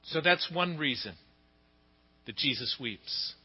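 A middle-aged man preaching a sermon, telling stories with big swings in pitch and loudness. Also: slow, slightly rough. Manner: expressive storytelling, pitch and volume swing widely. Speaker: pastor. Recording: dull sound with long hall reverb.

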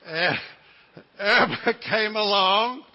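A man's voice: a little high, slow, background noise. An older man with a New Zealand accent preaching a sermon as a guest preacher, telling stories with humor and asides. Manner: folksy storytelling with asides and humor. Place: church sanctuary. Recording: lo-fi sound in a reverberant church.

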